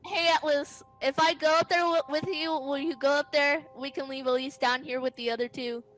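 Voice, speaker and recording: A woman's voice: sits high, fairly even intonation, a little fast, a bit bright, rough recording. A woman voicing her own character, a frantic young adventurer begging for help. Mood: pleading. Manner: pleading and urgent.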